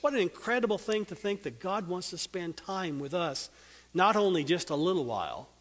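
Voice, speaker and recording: A man preaching a sermon, earnest and drawing out key words, ending in a quiet prayer. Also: high-pitched, lively intonation. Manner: earnest, slows and drops soft on key words. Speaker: Bible teacher. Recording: long hall reverb.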